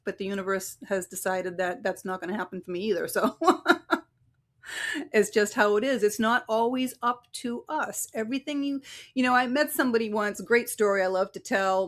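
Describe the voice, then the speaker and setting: Woman medium guest, casual storyteller, mid pitch, chatty anecdotes. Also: fairly bright tone. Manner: chatty, acts out quoted voices in anecdotes. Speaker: psychic medium and relationship coach, guest.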